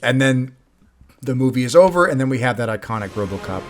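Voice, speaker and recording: A man's voice: mid-range voice, animated, fast, music in the background. A man hosting a casual movie review chat, recapping the plot with swearing and laughter. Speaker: movie review podcast host.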